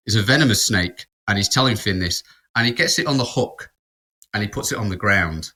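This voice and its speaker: A man co-hosting a podcast, spinning a loose, rambling anecdote full of restarts. His voice sits fairly low, with a bright, forceful edge. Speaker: podcast co-host. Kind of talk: casual storytelling.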